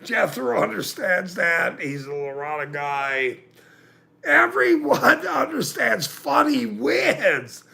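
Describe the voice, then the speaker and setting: A man with a very gravelly, bright edge rants on his livestream. He talks in a slow drawl while his pitch leaps high and drops low, and he swears and laughs through his points as he reacts to the chat. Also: very animated. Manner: profane, laughing, insistent. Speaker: livestream host. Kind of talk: casual livestream rant.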